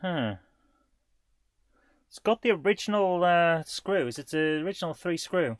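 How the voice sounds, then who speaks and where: A man's voice: on the high side, expressive, a little slow. A man in his forties hosts a live retro gaming show, chatting casually in a rambling, self-deprecating way with chuckles. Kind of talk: casual livestream chat.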